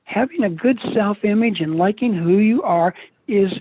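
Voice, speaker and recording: Husky older man, folksy speaker. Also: sits high, normal speed, no room sound. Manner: folksy, joking storyteller. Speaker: motivational speaker. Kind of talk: live seminar talk. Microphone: video call. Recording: tinny, dry video call audio.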